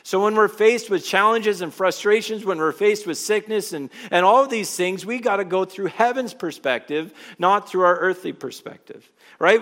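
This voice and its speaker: A man preaching a sermon to a congregation in a church, conversational and animated, asking the room questions as he goes. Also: high voice.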